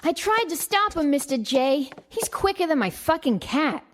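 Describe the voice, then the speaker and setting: A woman's voice: high voice, sing-song, normal speed. A woman voicing a brash young office secretary in a comedic radio play, blunt and salty in the way she talks. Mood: exasperated.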